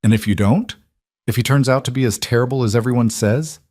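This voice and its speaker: A man's voice: medium pitch, fairly quick, mellow, no room sound, studio quality, voice pushed up, lightly acted. A man voicing a frightened, pleading younger sister in a spoken story. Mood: desperate. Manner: pleading, breaking. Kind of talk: audiobook storytelling.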